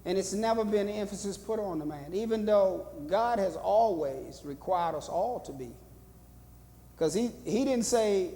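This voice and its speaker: A man leads a church Bible study as pastor and teaches in a preaching rhythm, repeating phrases and asking the room questions. His voice sits high but has a dark, gravelly edge. The sound carries a long reverb from the church hall. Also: animated, unhurried, slight background noise.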